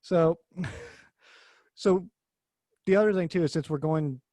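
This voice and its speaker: A man's voice: fairly high pitch, takes it slowly, mellow, no room sound. A man hosting a podcast, talking cars in a rambling, jokey way and swearing casually. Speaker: podcast host. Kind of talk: casual car chat.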